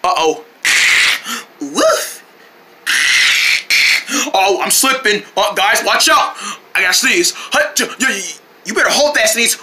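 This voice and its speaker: A woman playing out a pretend story with toys, acting every character with dramatic shouting and quick voice switches. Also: medium pitch, animated, background noise. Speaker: toy play narrator voicing all characters. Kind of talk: improvised toy play-acting.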